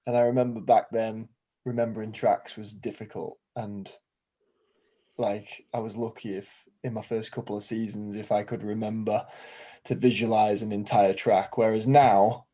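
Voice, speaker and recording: Low mellow-voiced man asking long questions. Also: little pitch movement. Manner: measured, asks long questions. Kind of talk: podcast conversation.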